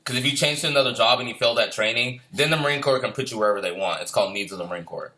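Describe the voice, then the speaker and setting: Casting: male ex-Marine, loose profane storyteller, quick talker, bright tone, laughs a lot. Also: medium pitch. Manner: profane, laughing, repeats himself, says "man" often. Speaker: Marine veteran. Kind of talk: casual storytelling.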